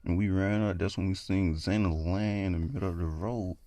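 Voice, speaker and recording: A man's voice: low-pitched, steady tone, normal speed, mellow, no room sound. A man telling a horror story in a casual, rambling way, full of fillers.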